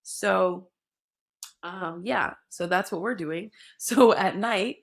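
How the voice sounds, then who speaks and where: A young adult woman, a podcast guest, telling her story in a candid, animated way. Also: mid-range voice, slow pace, creaky. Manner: animated retelling, voicing others in quotes.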